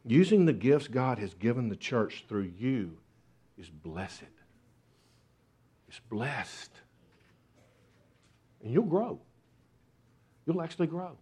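A man's voice: mid-range voice, dark tone, husky. A man preaching a sermon, earnest, with repeated rhetorical questions. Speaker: pastor.

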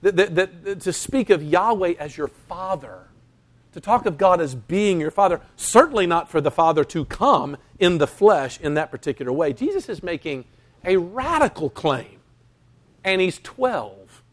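Animated high-voiced male preacher. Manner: animated, emphatic preaching with dramatic pauses and voiced quotes. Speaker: pastor. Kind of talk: sermon.

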